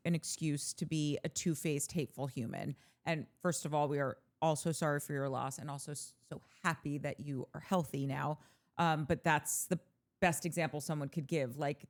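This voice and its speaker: Lower-pitched woman co-host reading comments. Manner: animated, quick asides between readings. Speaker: podcast co-host. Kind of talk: casual chat, reading listener comments aloud.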